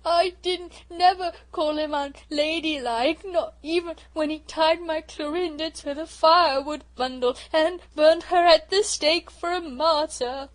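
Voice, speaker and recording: A woman reading an audiobook, voicing a pouty, indignant young girl who is quick to tears. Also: on the high side, natural voice, low-quality recording. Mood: sobbing. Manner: pouty, indignant, sobbing at times.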